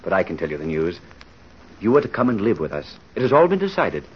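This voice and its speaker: An actor playing an earnest, gentle young husband in an old-time radio drama, speaking earnestly. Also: male voice, low-pitched, very animated, fast, highs cut off, a little hiss or hum. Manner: earnest, stammering when shaken.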